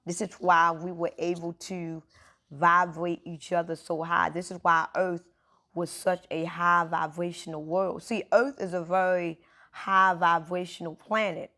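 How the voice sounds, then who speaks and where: A woman's voice: lowish voice, level tone, a little slow, sharp tone. A woman giving a casual spiritual talk, informal and emphatic, speaking straight to her listeners.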